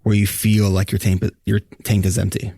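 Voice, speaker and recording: A man's voice: fairly low pitch, flat delivery, normal speed, warm tone, husky, dry recording. A man hosting a live Q&A podcast as a coach, talking casually with many fillers and restarts. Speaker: podcast host and ADHD coach.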